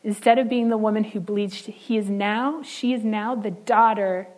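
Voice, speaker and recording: A woman preaching a sermon in an earnest way, slowing down and dropping soft on key words. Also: medium pitch, steady tone, rough recording.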